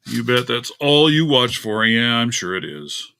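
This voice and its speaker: Chatty gravelly man on a live stream. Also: medium pitch, animated, normal speed, few pauses, pushed and bright. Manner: chatty, grumbling at tech trouble, talks to his cat. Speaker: livestream host. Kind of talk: casual live stream chat.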